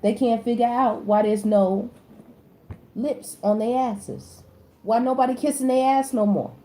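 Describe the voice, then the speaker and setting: A woman tarot reader talks casually and directly to her viewers, slangy and animated, jumping from loud outbursts to low mutters. Her voice is mellow and warm. The room is echoey, with faint noise underneath. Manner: slangy, addresses the audience directly.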